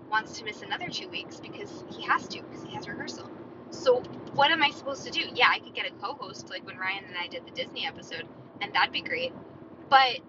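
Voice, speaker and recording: A woman in her thirties hosting a solo podcast outdoors by a parking lot. She talks in a chatty, opinionated ramble, full of "like" and "right?". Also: medium pitch. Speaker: podcast host. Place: parked outdoors near a store parking lot, car or street sounds behind. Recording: dull lo-fi sound with clear traffic noise.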